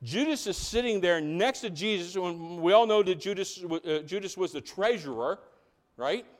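A man preaching a sermon as pastor, animated and conversational, often asking the congregation questions. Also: sits high, normal speed.

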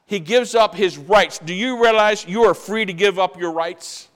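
A man's voice: high-pitched, moderate pace, fairly bright tone, big-room sound. An older man preaching a sermon as pastor, emphatic and conversational, repeating his points with frequent restarts.

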